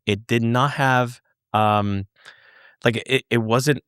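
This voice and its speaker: Man, podcast guest, earnest, halting, gropes for words, mid-pitched, dry close sound. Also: fairly even intonation, a bit bright, smooth, dry recording. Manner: earnest, halting, searches for words, swears for emphasis. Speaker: podcast guest, former UFO investigator. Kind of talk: conversational storytelling.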